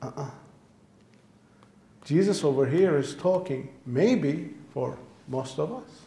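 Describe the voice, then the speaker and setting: A male pastor preaches a sermon in a church sanctuary, repeating phrases emphatically for stress. His fairly high, mellow voice is animated but slow, with vocal fry, and the room echoes.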